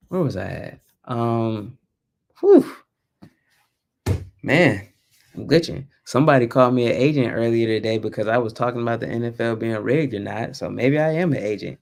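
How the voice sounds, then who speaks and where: With vocal fry and a darkish tone, this young adult vlog host talks animatedly and casually on his live stream. He rambles, occasionally loses his thread, and speaks quietly to avoid waking the children.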